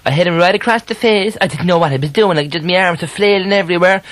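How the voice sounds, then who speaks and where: A man's voice: sits high, fast talker, fairly bright tone, no echo. A man playing a chatty, fussy, sentimental Cork hairdresser on a 1980s comedy radio show, rambling and gossipy with a Cork accent. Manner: rambling, breathless, gossipy, full of "like" and "you know". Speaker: comic character guest on radio.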